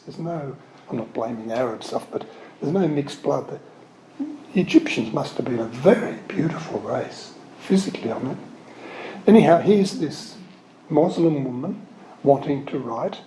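Warm and expressive, this man's medium-pitched voice moves at a measured pace through a spiritual talk as a Catholic speaker. He tells rambling, digressive anecdotes with many self-corrections, earnest and openly moved by his subject. The room echoes, with faint ambience and a little hiss or hum.

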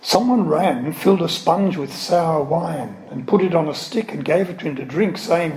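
A man's voice: fairly high pitch, creaky, a little mellow, echoey room, slight background noise, low-quality recording. A man preaching a sermon and explaining words step by step, stopping now and then for asides. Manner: slow, explanatory, with word studies and asides.

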